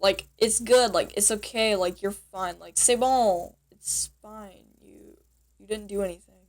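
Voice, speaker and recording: A woman's voice: mid-range voice, unhurried. A young woman chatting casually in a vlog, teaching basic French phrases in a giggly, rambling, self-deprecating way.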